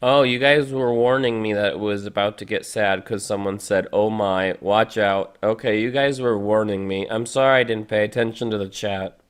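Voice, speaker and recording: A man hosts a casual live reaction stream, his voice sitting a bit low. He chats loosely and reads the viewers' comments out loud between thoughts. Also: fairly even intonation, fairly quick, few pauses, smooth.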